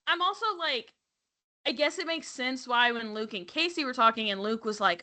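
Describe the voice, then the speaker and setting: High bright lady on a podcast, snarky and swearing a lot while she recaps a show. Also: expressive, normal speed. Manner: sarcastic, profane, laughing asides. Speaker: podcast co-host. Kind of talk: casual recap chat.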